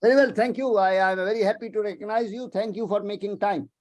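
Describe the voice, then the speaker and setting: A man's voice: sits high, fast, darkish tone. An older man from Pakistan, giving an emotional, rhetorical webinar talk as an economics professor over a video call. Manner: emotional, rhetorical, repeats himself. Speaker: economics professor, guest speaker.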